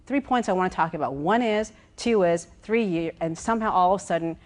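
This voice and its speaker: A woman executive coach gives a lively workshop talk, walking around as she speaks. Her voice is on the low side and fairly quick, and she repeats words and checks in with her listeners.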